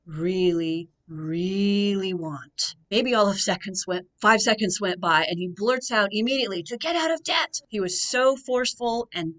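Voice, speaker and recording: Woman, lower pitch, measured radio storytelling, repeats key phrases for emphasis. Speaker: financial coach.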